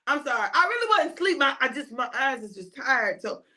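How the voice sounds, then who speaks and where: A woman's voice: high-pitched, very animated, brisk, sharp tone, exaggerated voice. A woman voicing a drowsy, guilty male disciple who keeps mumbling that he is awake. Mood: sheepish. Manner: mumbling, sheepish, repetitive.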